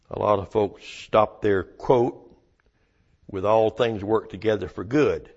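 A man preaching a sermon in a slow, deliberate cadence, leaning on single words with long pauses. His voice is somewhat low and gravelly. The recording sounds a little muffled and lo-fi. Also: a little mellow.

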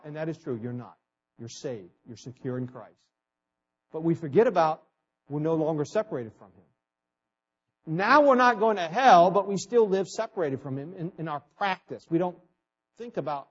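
A man preaching a sermon at a fast clip, stumbling over repeated words and swinging from loud emphasis to quiet asides. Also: fairly high pitch, expressive. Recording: dull lo-fi recording.

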